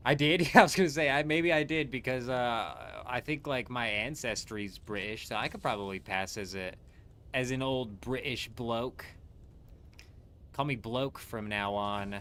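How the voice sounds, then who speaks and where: A man's voice: medium pitch, animated, unhurried, a bit bright, a little hiss or hum. A man streaming a game live, chatting casually and rambling with his viewers, dropping swear words as he goes. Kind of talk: casual livestream chat while gaming.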